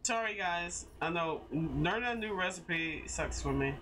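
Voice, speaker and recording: A streamer talks through a cooking game in a relaxed, unhurried way, pitch jumping all over as they laugh and grumble at their own mistakes. Curses slip out freely while chatting to viewers. Steady noise and mouse clicks sit clearly under the voice. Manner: talks to self and chat, laughs often, curses when frustrated. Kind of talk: casual game stream commentary.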